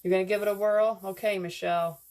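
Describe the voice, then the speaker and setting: A woman's voice: mid-range voice, fairly even intonation, fast talker, a little mellow. A woman giving a casual, rambling live craft lesson on wreath making, chatting with viewers and answering their comments as she works.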